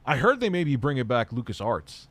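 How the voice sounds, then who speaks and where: A man's voice: mid-range voice, very animated, moderate pace, a bit bright, no room sound. Blunt, profane man chatting on a livestream. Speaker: livestream host. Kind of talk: casual livestream chat answering viewers.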